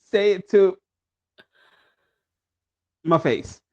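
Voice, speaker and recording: A man doing a mock impression of a pompous male politician, delivering a solemn speech slowly and haltingly. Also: high-pitched, animated, darkish tone, dull audio, exaggerated voice.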